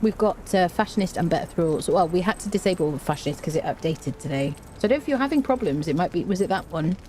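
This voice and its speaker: Lively British woman streamer. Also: on the low side, fast. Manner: chatty, reads chat aloud, animated rants. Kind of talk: casual gameplay stream chat. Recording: faint background noise.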